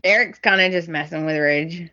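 A woman co-hosting a podcast, recapping soap opera scenes in an unhurried, exasperated casual chat. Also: fairly low pitch, dull audio, a little hiss or hum. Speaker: podcast co-host.

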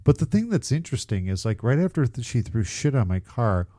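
A man's voice: mid-range voice, sing-song, a little fast, mellow. A man casually telling a rambling, profane story on a podcast, often laughing at himself. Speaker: podcast co-host.

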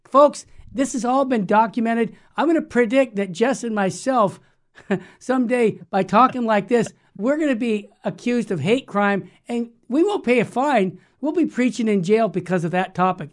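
This Catholic radio talk show host has a cold but stays upbeat and preachy, speaking straight to his listeners. He talks at a normal speed in a high voice with lively intonation.

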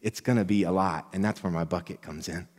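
A man preaching a sermon as pastor, earnest and emphatic, rising on quoted lines and dropping soft and low. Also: fairly even intonation, a little fast, big-room sound. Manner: earnest, builds to emphatic quoted lines, drops to near whisper.

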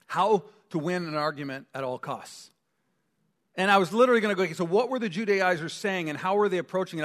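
A man's voice: on the high side, fairly bright tone. A man preaching a sermon as pastor, conversational and full of joking asides. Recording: long church hall reverb.

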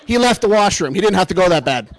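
A man telling a comic personal story in a self-deprecating, animated way, building toward punchlines. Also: high-pitched, fast talker, a little hiss or hum.

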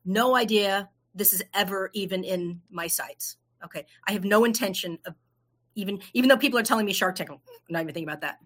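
A middle-aged woman with a bright, clear voice tells the story of her business in a relaxed interview. She talks in a lively way and acts out what other people said to her. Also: medium pitch, fast. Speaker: entrepreneur guest.

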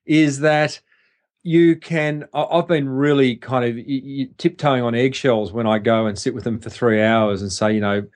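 A man's voice: medium pitch, fairly even intonation, moderate pace. Reflective man musing on marketing. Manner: reflective, hesitant restarts, frequent fillers. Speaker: podcast co-host, marketer. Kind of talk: casual business chat.

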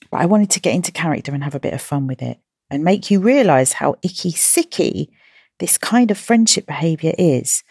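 A woman's voice: lowish voice, creaky, darkish tone, dry recording, clean studio sound. A woman hosting a podcast for children, talking to them in a playful, encouraging way full of questions. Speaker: children's podcast host and coach. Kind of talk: upbeat podcast talk to children.

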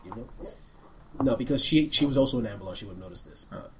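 A man's voice: mid-range voice, animated, quick pace, crowd noise, rough recording. A man running a tabletop game as game master, rambling loosely with lots of fillers.

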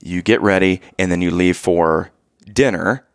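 A man in his thirties telling a family vacation story in casual chat, animated and acting out the voices of the people in it. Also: low voice, measured pace, dry recording, studio quality.

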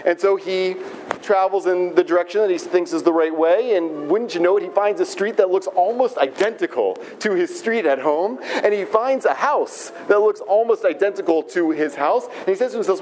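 Rabbi, high male voice, lively storyteller, conversational sermon. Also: normal speed, a little hiss or hum.

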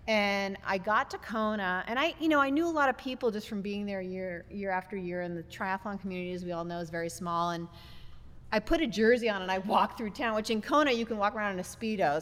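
Woman podcast guest, animated storyteller, voice in a reverberant space. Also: mid-range voice. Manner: animated, acts out quotes. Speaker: podcast guest, business founder. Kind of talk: storytelling in a casual interview.

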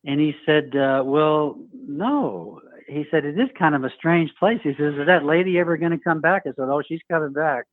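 A caller on a tinny phone line tells a personal story on a show, acting out the voices of the people involved. His voice is fairly high, he speaks at a moderate pace with few pauses, and there's no echo.

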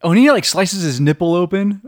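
A man with a slightly high voice, chatting on a movie podcast and adding quick agreements and jokes between laughs. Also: animated, a little mellow. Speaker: podcast co-host. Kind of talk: casual film-discussion chat.

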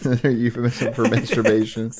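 A man's voice: medium pitch, level tone, fast talker, a little mellow. A man co-hosting a podcast in casual chat, self-deprecating and crude, laughing a lot. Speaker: podcast co-host.

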